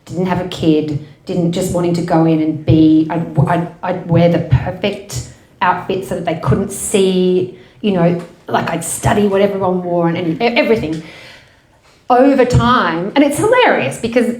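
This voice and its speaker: A woman with an Australian accent, an author talking casually at a bookshop event, animated and laughing often. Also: on the low side, moderate pace, reverberant. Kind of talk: conversational bookshop talk.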